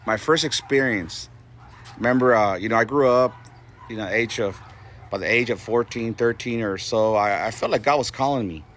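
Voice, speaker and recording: A man in his forties giving a personal faith testimony, earnest and halting, with many fillers and restarts. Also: medium pitch, a bit bright, slight background noise. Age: 40s. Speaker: Christian testimony speaker.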